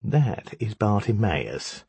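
A man's voice: on the low side, big pitch swings, takes it slowly, creaky, darkish tone, slightly rough, no room sound, exaggerated voice. A man voicing an impatient, pompous male jinn who speaks in a haughty, mocking, commanding way.

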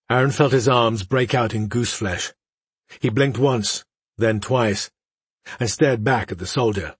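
Husky-voiced male audiobook narrator. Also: mid-range voice, no room sound. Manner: measured, dramatic, dropping to hushed tones. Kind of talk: audiobook narration of a fantasy story.

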